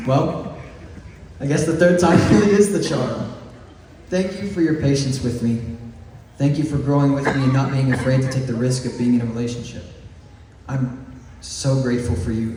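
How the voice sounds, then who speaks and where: A man of about eighteen from East Texas gives a heartfelt, joking valedictorian graduation speech in slow, deliberate phrases broken by chuckles. His mid-range voice is warm, recorded from far off in a large echoey hall or gym with faint noise.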